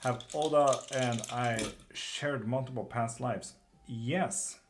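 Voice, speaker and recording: A man's voice: mid-range voice, steady tone, takes it slowly, faint music behind. A man from Sweden reading tarot on a live stream, answering viewers' questions in a loose, casual way, swearing now and then. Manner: swears casually, laughs often. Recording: clear background noise with keyboard clicks.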